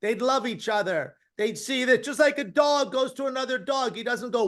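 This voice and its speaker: A man's voice: very high voice, animated, normal speed, hardly any pauses, a bit bright. A man co-hosting a podcast, delivering a rambling, grandiose, mock-philosophical comic monologue. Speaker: podcast co-host.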